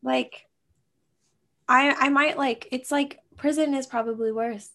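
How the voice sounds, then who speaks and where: A young woman co-hosting a casual chat, telling stories and acting out quotes with animated, rising energy. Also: sits high, unhurried. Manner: animated, acts out her dad and herself in quotes. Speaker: podcast co-host.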